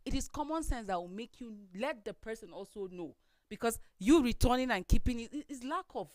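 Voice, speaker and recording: A woman's voice: a little high, animated, a little fast, a little mellow, no room sound. A woman with a Nigerian accent, co-hosting a studio talk show and explaining her view earnestly.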